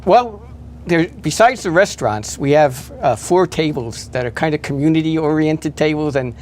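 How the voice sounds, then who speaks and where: A man talking in a relaxed local interview, listing event details with many fillers and restarts. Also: fairly high pitch, moderate pace, a little hiss or hum. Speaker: event organizer guest. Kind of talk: casual interview chat.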